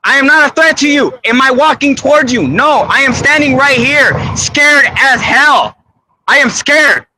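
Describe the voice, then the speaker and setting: High frightened man pleading, crying. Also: a little slow, bright, forceful tone, dry recording, rough recording. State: crying, shaken. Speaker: citizen filming a police stop. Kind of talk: pleading confrontation on camera. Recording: played video clip.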